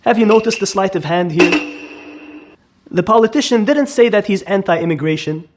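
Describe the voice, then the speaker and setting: A man's voice: high-pitched, moderate pace, background noise. A man explaining an idea emphatically, asking rhetorical questions and repeating key words for stress. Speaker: educator. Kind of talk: explanatory commentary.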